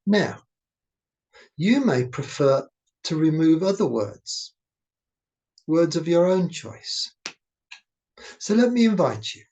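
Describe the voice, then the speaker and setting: Male meditation teacher: warm, mellow tone, unhurried and soothing. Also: on the high side, very animated. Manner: slow, gentle, soothing delivery. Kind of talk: guided meditation talk.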